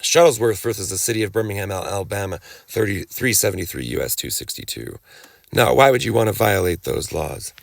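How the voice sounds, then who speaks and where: A man's voice: on the low side, lively intonation, dry recording. A man lecturing casually from slides, rambling with restarts, sarcastic asides and occasional coughing. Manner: rambling, halting restarts, coughs and throat clearing. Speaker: cannabis rights lecturer.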